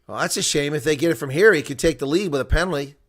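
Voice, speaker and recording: Quick-paced and on the high side, this solo rugby commentator covers both the action and the analysis live. His chatter is excitable, veering from shouted bursts to quiet mumbled remarks.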